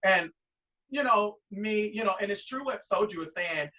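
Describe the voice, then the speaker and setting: Bright high-voiced man telling a story. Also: lively intonation, normal speed, far from the mic, rough recording. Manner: rambling anecdote with quoted voices. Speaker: guest drag performer. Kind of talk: animated storytelling.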